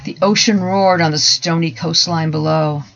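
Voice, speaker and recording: A man giving a dramatic first-person story reading in a measured, deliberate voice that drops to hushed softer passages. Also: on the high side, steady tone, creaky. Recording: dull lo-fi recording.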